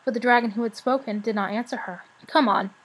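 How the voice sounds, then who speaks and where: A woman narrating a novel aloud for her channel, in steady storytelling. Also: a little high, quick pace. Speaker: channel host reading aloud.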